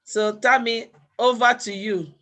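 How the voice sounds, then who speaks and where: A woman who heads the organization, closing an event with proverbs and thanks in a measured way. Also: fairly high pitch, fairly even intonation, pushed and bright. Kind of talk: closing remarks at a community event.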